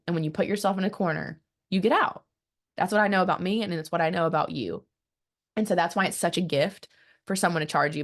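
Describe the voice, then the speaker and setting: A woman marketing coach giving an energetic motivational business talk, speaking straight to her audience and often restarting her words. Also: fairly low pitch. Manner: energetic and emphatic, acts out quoted voices; repeats words when restarting, direct to the audience.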